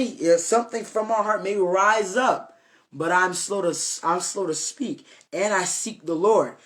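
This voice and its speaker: A man's voice: high-pitched, fairly bright tone. A young man giving an informal, earnest devotional talk, rambling with many fillers and restarts. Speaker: self-made preacher.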